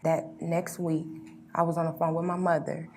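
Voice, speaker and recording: A woman sharing a personal testimony as an interview guest, earnest and quietly reflective. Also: sits low, flat delivery, normal speed, a little hiss or hum. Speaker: guest sharing her story.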